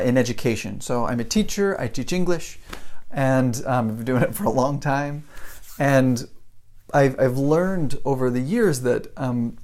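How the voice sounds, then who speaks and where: A man in his forties teaching English in a relaxed live stream. He talks in a chatty storytelling way and keeps checking in with listeners. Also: mid-range voice. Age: 40s. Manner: chatty storytelling, often asks "right?". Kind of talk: live-streamed lesson, greeting viewers.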